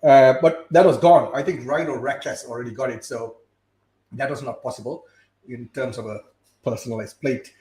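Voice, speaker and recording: Halting man in an echoey room. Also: medium pitch, warm tone. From Botswana. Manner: halting, repeats words and restarts while telling stories. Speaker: guest. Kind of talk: casual live-stream chat. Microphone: video call.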